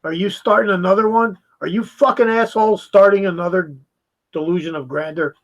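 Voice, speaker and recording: A man's voice: high voice, fairly quick, a bit bright, low-quality recording. A man giving a heated, profane reaction commentary, mocking the video he is watching.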